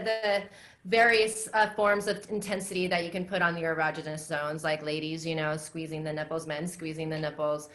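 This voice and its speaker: Woman, lowish voice, podcast guest, relaxed and reflective, loose casual chat. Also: normal speed. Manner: relaxed and reflective, frequent likes and laughs. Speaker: guest, dominatrix and somatic educator.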